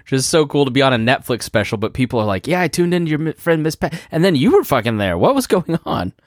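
A man's voice: a little high, fast talker, dry recording, studio quality. A man co-hosting a casual podcast, teasing his guests and laughing often. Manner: lively, laughs a lot, teasing. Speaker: podcast host. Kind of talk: casual chat.

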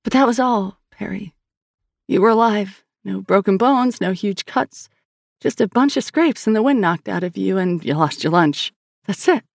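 A woman's voice: medium pitch, lively intonation, normal speed, gravelly, no room sound, studio quality, pitched above the performer's own voice. A woman narrator voicing an earnest young woman who urgently reassures her brother.

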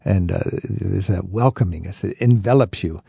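A man hosts a radio talk show, interviewing a guest with chatty enthusiasm and colorful asides. His voice is gravelly and a little husky, with a dark, mellow tone. The sound is dry and close, with faint music underneath. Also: low voice, normal speed, dry recording. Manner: chatty, enthusiastic, riffs with vivid anecdotes.

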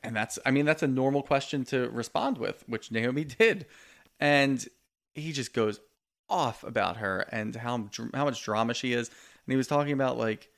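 Podcast co-host, male, mid-pitched with a gravelly edge, casual storyteller. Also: moderate pace. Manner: relaxed storytelling, quotes people in lively bursts. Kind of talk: casual chat recapping reality TV.

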